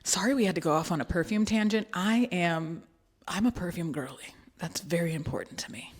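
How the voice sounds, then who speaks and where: Chatty woman vlogger, slightly low voice. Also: a little fast, husky. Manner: playful and chatty, with joking asides. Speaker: beauty and travel vlogger. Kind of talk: casual chatty product walkthrough.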